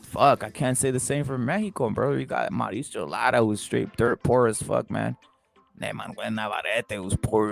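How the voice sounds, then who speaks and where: A man hosting a live boxing talk stream who speaks in an animated, profane way, asks rhetorical questions over and over and drives his points home by repeating them. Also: mid-range voice, gravelly. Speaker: host.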